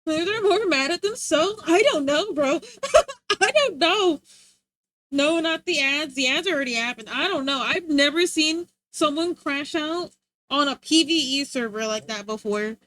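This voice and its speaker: A woman's voice: sits high, expressive, unhurried, a bit bright, no echo. A young woman streamer chatting casually, rambling and laughing often.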